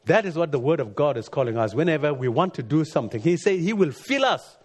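Guy preaching, kinda husky, earnest, voice jumps up then drops way down. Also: sing-song, quick pace. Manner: earnest, rising to emphatic peaks then dropping low. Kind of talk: sermon.

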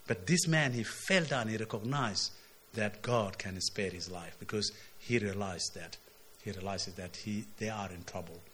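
A man's voice: fairly low pitch, normal speed, slight background noise. A man preaching a sermon, walking through a scripture passage, often asking his listeners "isn't it?" and lifting his voice when he quotes the text. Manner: expository, asks "isn't it?", surges loud on quotes.

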